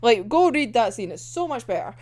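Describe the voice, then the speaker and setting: A woman's voice: a little high, sing-song, brisk, darkish tone. A young woman discussing an anime episode in a casual, giggly, rambling way, swearing freely. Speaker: anime reviewer.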